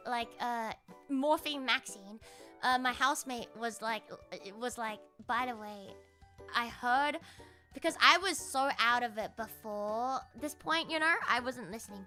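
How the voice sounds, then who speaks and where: A young woman streamer telling a story casually, animated and full of swearing, often laughing and mimicking other people. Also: a little high.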